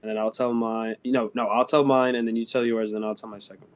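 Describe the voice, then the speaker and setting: A man's voice: mid-range voice, level tone, quick pace. Chatty young male co-host. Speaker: podcast co-host. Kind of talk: casual chat.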